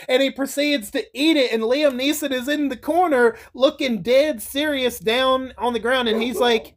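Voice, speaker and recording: A man's voice: very high voice, normal speed, hardly any pauses, a bit bright. A man casually recapping and ranking movies for his channel in a rambling, chatty way, laughing and swearing as he goes. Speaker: YouTuber reviewing movies.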